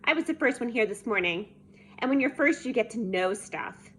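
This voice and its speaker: A woman's voice: on the high side, expressive, normal speed, fairly bright tone, breathy edge. A woman voicing a bossy, know-it-all young schoolgirl.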